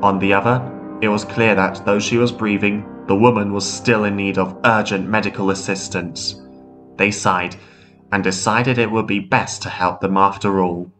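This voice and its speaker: A man narrating a ghost story in a measured, steady way. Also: lowish voice. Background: faint guitar music.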